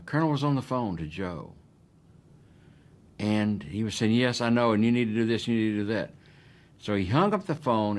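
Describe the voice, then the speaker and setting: An older man, recalling events in a documentary interview and acting out the dialogue forcefully. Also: deep voice. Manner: emphatic, acts out quoted dialogue.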